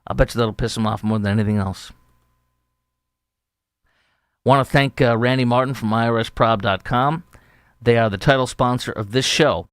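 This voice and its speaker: Speaking a little fast, a middle-aged Chicago-area man hosts a podcast opinion monologue in a clean, medium-pitched voice without echo. He narrates the news chattily and with animation, bringing quotes to life by acting them out.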